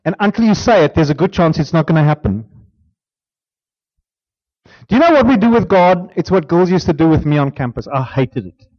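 High-voiced preacher, dramatic hush. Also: male voice, expressive, a little fast, long pauses, highs cut off. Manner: dramatic, swings from emphatic to hushed near-whispers. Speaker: pastor. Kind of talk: sermon.

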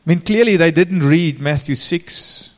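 This man's voice is a touch high and his delivery a little slow as he preaches informally, addressing questions straight to his listeners. The sound has the lingering echo of a large hall.

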